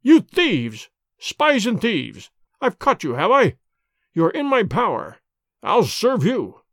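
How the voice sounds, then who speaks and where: A man's voice: high voice, huge pitch swings, slow, a bit bright, dry recording, clean studio sound, pitched above the performer's own voice, heavily acted. A man voicing a fat, burly villain who shrieks at intruders in a storybook reading. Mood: furious. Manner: shrieking, enraged.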